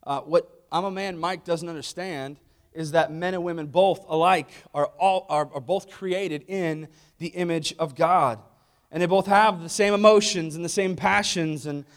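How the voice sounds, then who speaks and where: A man giving a humorous sermon-style talk, joking and asking the audience questions. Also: high voice. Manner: jokey, asks the audience questions.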